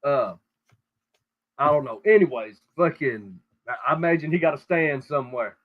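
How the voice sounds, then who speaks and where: Guy swearing nonstop on a rambling rant, slightly high voice, muffled lo-fi call sound. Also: animated, normal speed. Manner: crude, rambling, heavy swearing. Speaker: show host. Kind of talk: profane casual rant. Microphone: call audio.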